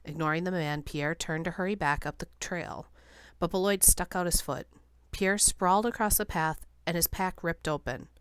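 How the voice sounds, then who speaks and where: A woman reading a novel aloud as an audiobook narrator, in a steady, measured way. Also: lowish voice, smooth, no room sound, studio quality. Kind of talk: scripted narration.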